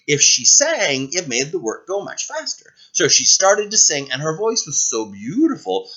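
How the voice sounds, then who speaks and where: Preschool teacher guy reading a fairy tale, kinda high, muffled sound. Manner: animated and expressive. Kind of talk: storytelling to children.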